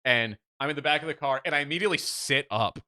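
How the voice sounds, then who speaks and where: A man co-hosts a podcast and tells a story in an animated, self-mocking way, swearing freely. His voice is forceful and bright, set at an average pitch. The recording is close and dry. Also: fast talker, no echo. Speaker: podcast co-host. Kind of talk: casual storytelling chat.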